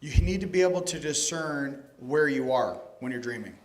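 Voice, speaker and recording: A man giving a casual, joking lecture to a live conference audience, animated and profane, addressing people directly. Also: mid-range voice, normal speed. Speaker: conference speaker. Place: conference hall stage.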